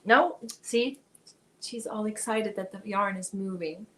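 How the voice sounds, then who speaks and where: A woman's voice: medium pitch, measured pace, a bit bright, low-quality recording. A woman hosting a casual crochet livestream, chatting with viewers, reading their comments aloud and talking to her cat.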